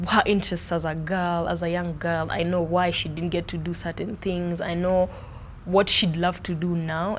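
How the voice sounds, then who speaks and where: Animated woman, fairly low voice. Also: a little hiss or hum. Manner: animated, expressive, playful with accents. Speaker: podcast host being interviewed. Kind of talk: casual interview chat.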